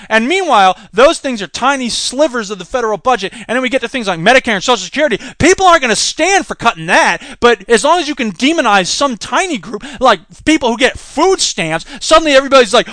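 Male podcast host, high lively voice, ranting commentary, dry close sound. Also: fast, hardly any pauses, no echo. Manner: animated ranting, mocking voices for quotes. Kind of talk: political commentary.

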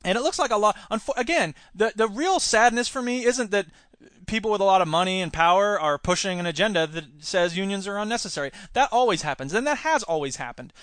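A man's voice: high voice, lively intonation, fast, a bit bright, dry recording, studio quality. An American man hosting a podcast, giving rambling, opinionated political commentary and mocking politicians by imitating them. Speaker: podcast host.

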